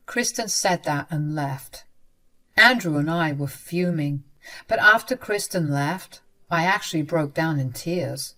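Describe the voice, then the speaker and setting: A woman's voice: low voice, animated, a little slow, pushed and bright. Woman narrating a first-person story.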